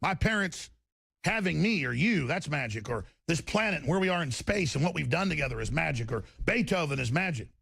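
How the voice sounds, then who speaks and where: A middle-aged man from Texas hosting a talk radio show, delivering a heated, rambling political monologue with sudden swings in pitch and repeated restarts. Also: animated, a little fast, fairly bright tone, no echo, studio quality. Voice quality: gravelly.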